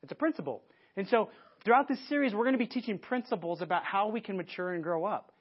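A man preaching a conversational sermon to a church audience, lively and often restarting his sentences. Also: high-pitched, quick pace. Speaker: pastor. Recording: dull lo-fi sermon recording.

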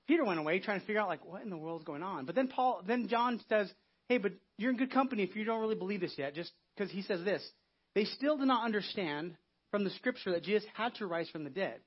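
Casual pastor, male, high husky voice, chatty delivery, dull lo-fi church recording. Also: lively intonation, fast. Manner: conversational, acting out biblical quotes. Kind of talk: Easter sermon.

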